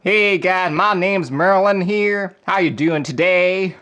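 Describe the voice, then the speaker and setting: A man's voice: sits high, a bit bright, pitched above the performer's own voice. A man putting on a put-on Southern US accent to read nonsense words as dramatic spoken word. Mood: hammy. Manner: dramatic, halting, raised voice.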